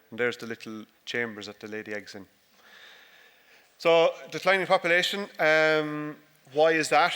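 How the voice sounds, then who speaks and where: A dairy farmer with a smooth, medium-pitched, sharp-toned voice jokes his way through an informal talk on his farm, complete with slides. He chats and teases himself as the large hall lends a long reverb.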